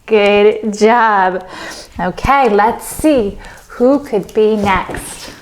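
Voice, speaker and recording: A woman leading a children's yoga story, giving slow, soothing instructions with playful animal sounds. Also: medium pitch. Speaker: kids yoga teacher.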